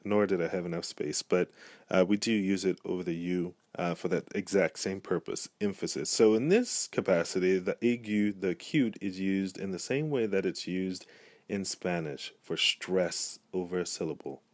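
A man teaching a pronunciation lesson, saying each letter and word slowly and repeating it twice. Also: deep voice, dry recording. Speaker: language teacher.

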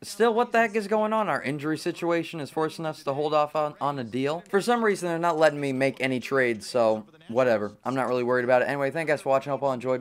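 Young man, casual game commentary, excitable, frustrated, fairly high voice. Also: fast talker, few pauses, soft background music. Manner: excitable, frustrated, talks to himself. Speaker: gaming channel host.

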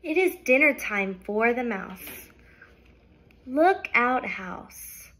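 Woman teacher, young adult, sing-song read-aloud, slow and unhurried. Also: big pitch swings, pushed and bright. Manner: slow, sing-song storybook reading with big pitch swings. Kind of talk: reading a picture book aloud to young children.

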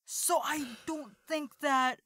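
A woman's voice: high-pitched, steady tone, takes it slowly, a bit bright, dry recording, clean studio sound. A woman playing an evasive, hesitant cleric. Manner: hesitant, stalling, vague. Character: evasive young woman cleric feigning sickness.

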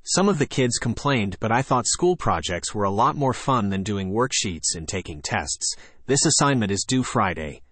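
A man's voice: fairly low pitch, big pitch swings, moderate pace, few pauses, fairly bright tone, slightly rough, no room sound. A man narrating a children's chapter book in first person with playful storytelling. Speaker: audiobook narrator.

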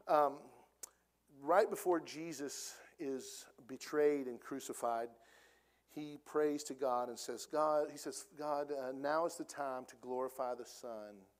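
A man with an Oklahoma accent preaching a sermon in a church, acting out the people he quotes and dropping to a quiet, low voice for solemn points. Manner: animated preaching, acts out quoted speakers. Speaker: pastor. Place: church sanctuary.

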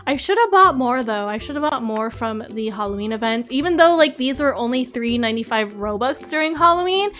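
Excitable high-voiced woman gaming YouTuber. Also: brisk, few pauses. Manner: excitable, gushing, apologetic. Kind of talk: gameplay commentary.

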